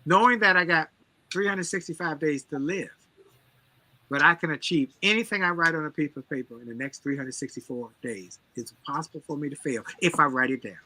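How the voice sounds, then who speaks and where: Emphatic man in bright, preacher-like motivational flow. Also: on the high side, a little fast. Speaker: motivational speaker guest. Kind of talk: energetic motivational storytelling.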